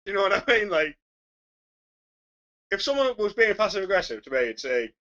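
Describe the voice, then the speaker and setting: A man co-hosting a podcast, loud and chatty with frequent laughter. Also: sits high, big pitch swings, normal speed, lo-fi sound. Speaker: podcast co-host. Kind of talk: casual banter.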